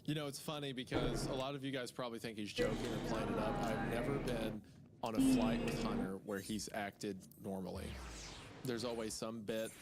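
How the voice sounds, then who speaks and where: A man's voice: lowish voice, moderate pace, heavy background noise. A man hosting a casual comedic chat, laughing often and steering the conversation. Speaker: streamer host.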